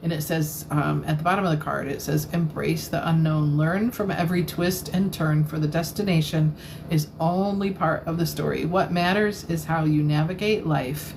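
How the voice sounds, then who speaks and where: A woman's voice: deep voice, steady tone, moderate pace, vocal fry, background noise. A woman tarot reader chatting casually on a live stream, playful and giggly, rambling as she talks into a phone.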